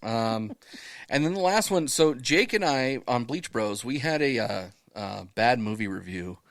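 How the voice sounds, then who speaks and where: A man co-hosting a casual podcast, middle-pitched and quick to curse. He tells stories in an animated, profane way. The sound is dry and close. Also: no echo. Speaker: podcast co-host.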